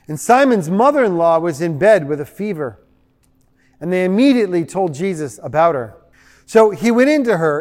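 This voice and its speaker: A man pastor preaching a sermon, animated, acting out the voices he quotes. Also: sits high, in a large hall.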